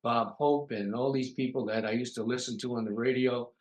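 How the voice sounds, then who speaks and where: A man's voice: mid-range voice, fairly even intonation, brisk, a little mellow. An older man from New York, a guest comedian, telling long anecdotes in a casual interview, full of uh fillers. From New York, USA. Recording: roomy echo.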